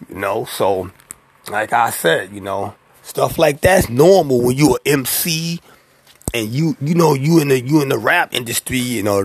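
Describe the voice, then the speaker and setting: Gravelly streetwise man spinning a tale. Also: medium pitch, no echo. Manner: slangy, profane, streetwise delivery; acts out quoted voices. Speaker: rapper telling an industry story. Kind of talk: casual anecdotal storytelling.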